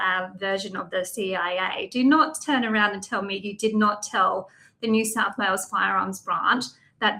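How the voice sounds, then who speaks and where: A woman's voice: on the high side, sharp tone. An Australian woman speaking as a guest, blunt and emphatic, talking with rising indignation. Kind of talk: impassioned interview talk.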